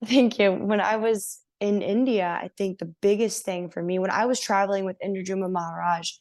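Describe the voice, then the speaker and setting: A woman's voice: medium pitch, brisk. Earnest woman telling her story. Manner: earnest, animated storytelling with laughs. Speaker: guest. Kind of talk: casual interview.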